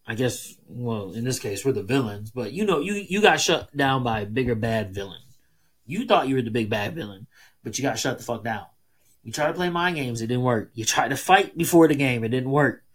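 A man talks through a sports breakdown in a loose, unscripted solo podcast style. He gets worked up and profane, and his voice jumps up in pitch when he pushes a point. His voice sits at an ordinary middle pitch for a man. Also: animated, breathy edge. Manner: heated, profane, emphatic, fast swings in pitch. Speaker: podcast host.

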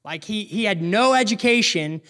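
High-voiced earnest male preacher. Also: lively intonation, pushed and bright. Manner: earnest, asks rhetorical questions, slows down for emphasis. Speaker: pastor. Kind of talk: sermon.

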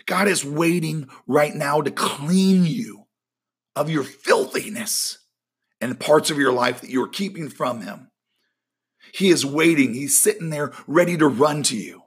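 A man's voice: fairly high pitch, breathy edge. A man preaching a sermon in an earnest, emphatic way, repeating key phrases and now and then poking fun at himself.

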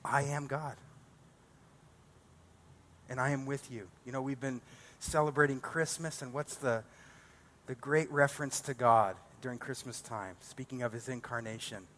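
A man's voice: mid-range voice, steady tone, moderate pace, pauses often, fairly bright tone. A male pastor preaching a sermon, building emphatic repeated declarations.

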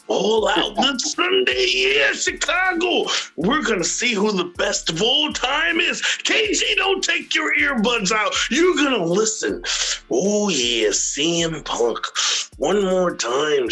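A man impersonating a gravel-voiced male wrestling legend who cuts a shouty promo, stretching his words, over faint music. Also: heavily acted. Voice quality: raspy, growling. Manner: shouty, drawn-out promo delivery with big pitch swings.

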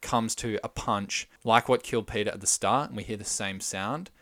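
A man with a fairly low voice talks through a film scene by scene, getting carried away with excitement. He drifts into sighs and breathy half-whispers when it gets to him. The room sound is dry and close. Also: normal speed, no echo. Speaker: podcast co-host. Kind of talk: casual film discussion.

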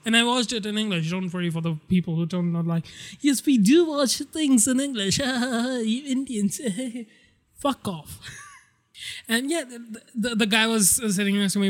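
A man hosting a casual spoiler podcast, rambling excitedly and swearing a lot as he recaps a movie. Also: high voice. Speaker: podcast host.

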